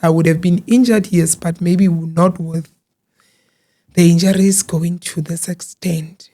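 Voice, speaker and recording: A woman speaks as an interview guest in a low, mellow voice. She talks earnestly and haltingly, often repeating words as she searches for them. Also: steady tone. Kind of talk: personal testimony in an interview.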